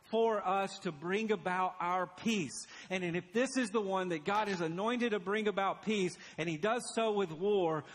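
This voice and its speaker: A man preaching a sermon as pastor, earnest and urgent, dropping to a hushed intensity for emphasis. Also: high voice, in a large hall.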